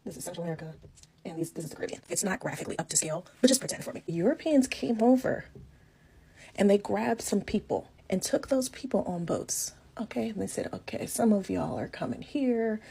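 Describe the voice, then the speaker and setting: A woman's voice: mid-range voice, expressive, quick pace, creaky, mellow, a little hiss or hum. A woman explaining a point in a sarcastic, mocking, teacherly way, as in a social media video.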